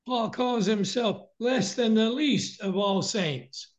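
A man preaching a sermon in short measured sections, pausing for an interpreter. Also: high voice. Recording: dull lo-fi recording.

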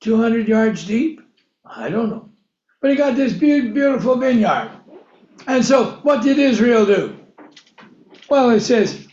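A man's voice: very high-pitched, lively intonation, measured pace, long pauses, darkish tone. A man preaching a Bible-teaching sermon who asks rhetorical questions and then answers them himself. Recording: echoey room, dull lo-fi sound.

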